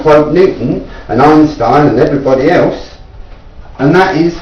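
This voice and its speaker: A man from England makes an insistent, repetitive appeal to anyone watching, his fairly high voice climbing as he pleads. He sits some way from the mic in an echoey room at home. The recording is dull and lo-fi. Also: lively intonation, normal speed, distant mic, slight background noise. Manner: insistent, repetitive, rising in pitch when pleading. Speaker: self-taught inventor. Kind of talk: earnest appeal to viewers. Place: indoors at home.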